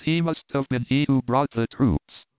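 A man's voice: mid-range voice, measured pace, clean tone, no room sound, natural voice. A man reading an audiobook, voicing an earnest young woman who pleads with feeling. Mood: excited. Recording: thin phone-like sound.

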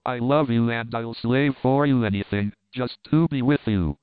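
A man's voice: mid-range voice, moderate pace, smooth, no room sound, natural voice. A man voicing an earnest, pleading young woman. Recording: thin phone-like sound.

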